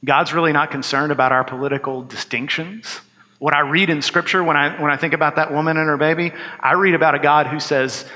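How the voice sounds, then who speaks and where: A man preaching with an earnest, conversational delivery and dry, joking asides. His voice sits a little high and sounds bright and forceful. It rings out with the long reverb of a big hall. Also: fairly even intonation, a little fast. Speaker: pastor. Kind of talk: sermon.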